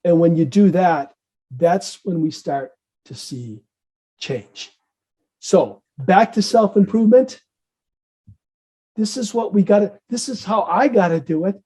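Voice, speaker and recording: A middle-aged psychiatrist from the Midwest, guesting on an interview, tells a story with plenty of life. He acts out the lines of everyone in it, putting on voices as he goes. His voice sits a little high for a man, with a dark, mellow colour. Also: a little slow, long pauses. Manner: animated, acts out dialogue in different voices.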